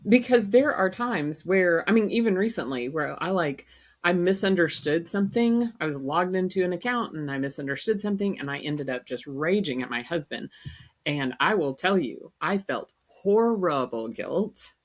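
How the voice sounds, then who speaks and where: A woman's voice: fairly low pitch, expressive, normal speed. A woman in her fifties, a grandmother co-hosting a podcast, chatting candidly and telling stories with frequent laughs. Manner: candid, laughs often, storytelling. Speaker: podcast co-host. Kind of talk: casual chat.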